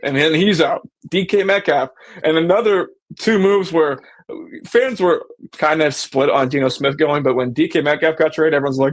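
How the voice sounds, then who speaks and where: A man hosts a casual sports podcast for fans, speaking at a moderate pace in a voice on the high side. He talks animatedly and drops into mock voices whenever he quotes someone.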